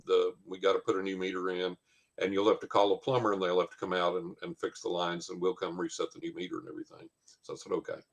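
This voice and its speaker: Low-voiced man telling a story. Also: completely flat delivery, fast talker, gravelly. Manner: rambling anecdote with many fillers and quoted dialogue. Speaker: guest storyteller. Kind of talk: casual storytelling.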